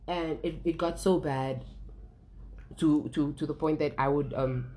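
A young woman with a notably low voice speaks in a casual, candid conversation. She talks openly and emotionally, swears freely, and often restarts her sentences mid-thought. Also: steady tone, measured pace, dark tone, low-quality recording. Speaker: guest sharing her story.

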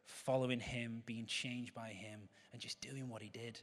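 A man's voice: mid-range voice, steady tone, unhurried, a bit bright. Chatty man preaching. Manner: chatty, joking asides to the congregation. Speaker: pastor. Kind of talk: sermon.

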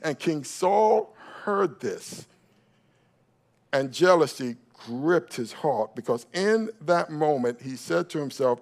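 A man with a high-pitched voice delivers a sermon as pastor. He calls for responses from his listeners and climbs into fervent exhortation, with plenty of fillers and restarts along the way. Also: lively intonation, slow pace. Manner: call-and-response preaching, rising to fervent exhortation with frequent fillers.

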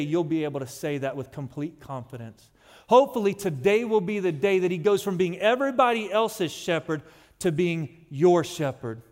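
A man preaching a sermon as pastor, emphatic and slowing down on key phrases. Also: high voice. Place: church sanctuary. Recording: long hall reverb.

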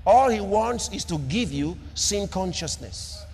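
A man preaching a sermon with an emphatic, repetitive cadence, swinging between loud declarations and soft asides. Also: sits high, expressive, measured pace, creaky, in a large hall. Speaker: pastor.

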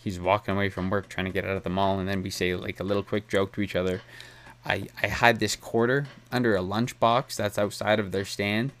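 A man's voice: fairly low pitch, steady tone, a little fast, fairly bright tone. Rambling young man chatting. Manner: rambling, candid, laughs often. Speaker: podcast host. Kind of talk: casual solo podcast chat.

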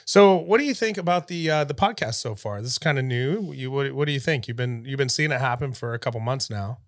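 A man's voice: medium pitch, expressive, a little fast, dry recording. Chatty male podcast host, dry sound. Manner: friendly, asks a child questions. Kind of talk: casual chat.

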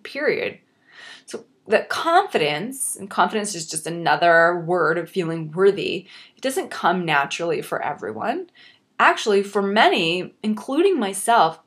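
A young woman hosting a motivational podcast, speaking earnestly and encouragingly and addressing the listener directly. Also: mid-range voice. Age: young adult. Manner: earnest, encouraging, self-reflective. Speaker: podcast host.

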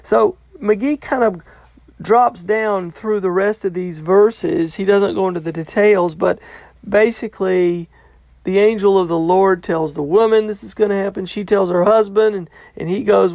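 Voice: mid-range voice, measured pace, vocal fry, darkish tone, dry recording. A Bible study teacher talking casually through a passage, paraphrasing a commentator and checking in with the listener. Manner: loose and conversational, checks in with "okay?".

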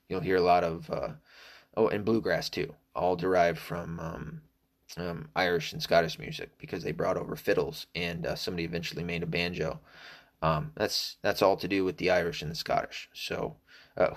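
A middle-aged man from the South, talking in a casual, profane, rambling monologue full of fillers. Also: deep voice. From American South. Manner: profane, digressive, many fillers. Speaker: solo talker.

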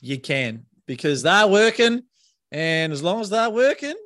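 A New Zealand man with a fairly high voice, joking and slangy as he co-hosts a relaxed podcast. His voice sounds dry and close to the mic. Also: unhurried, no room sound. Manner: laid-back, joking, slangy. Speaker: podcast co-host. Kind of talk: casual chat.

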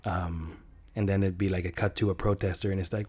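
A man with a fairly low voice talks in a loose, rambling way. He jokes often and laughs at his own lines in an easygoing podcast chat. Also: little pitch movement, fast, a little mellow, husky. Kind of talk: casual chat.

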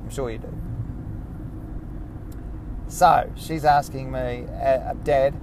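A man's voice: medium pitch, fairly even intonation, slow pace, background noise. A man hosting his own podcast, chatting casually in a rambling, self-mocking way. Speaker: podcast host. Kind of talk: casual solo podcast monologue.

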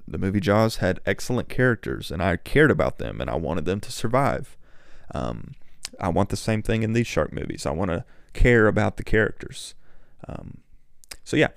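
A man's voice: on the low side, vocal fry, clean tone, dry recording, studio quality. A young man casually reviewing and ranking movies, chatty and rambling, often going off on tangents.

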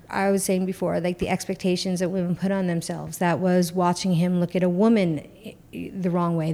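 Blunt, candid middle-aged woman. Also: medium pitch. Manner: blunt, profane, animated storytelling. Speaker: podcast guest. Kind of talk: candid conversation.

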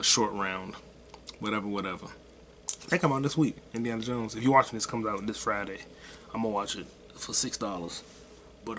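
A man's voice: on the low side, a bit bright, a little hiss or hum. A man hosting his own podcast alone, rambling casually with lots of swearing and offhand self-deprecating jokes. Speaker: podcast host. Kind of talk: casual solo podcast rant.

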